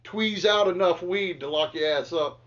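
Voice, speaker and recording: A man's voice: high-pitched, moderate pace, fairly bright tone. A man from Texas, chatting casually and profanely as a podcast co-host. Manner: laid-back, profane, talks to listeners. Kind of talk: casual chat. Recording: distant, dull lo-fi recording.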